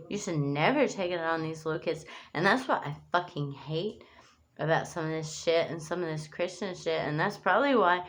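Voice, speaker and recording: Angry rambling woman, low-voiced. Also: a little fast. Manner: angry, rambling, swearing, restarting phrases. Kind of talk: emotional monologue to camera.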